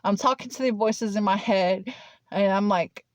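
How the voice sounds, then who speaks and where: A woman's voice: mid-range voice, moderate pace, no echo. A woman telling a personal story in a casual, rambling way, full of "like" and restarts. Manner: rambling, heavy use of "like" and restarts. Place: Nashville.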